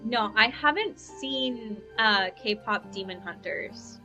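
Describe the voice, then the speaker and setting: This young female streamer talks casually while gaming at home, her rather high voice lively, bright and pushed, yet slow in pace. Soft music plays behind her rambling, upbeat live-stream chatter, picked up on a lavalier mic.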